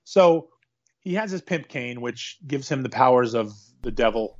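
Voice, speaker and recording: A man co-hosting a casual chat about a movie, retelling scenes in a rambling, animated way with quick quoted asides. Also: medium pitch, a crowd in the background. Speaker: podcast co-host. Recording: dull lo-fi sound.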